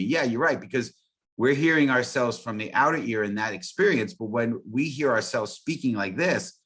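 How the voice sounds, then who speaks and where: A man's voice: medium pitch, a bit bright. A man talking as an interview guest, earnest and rambling with many restarts. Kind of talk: casual interview chat.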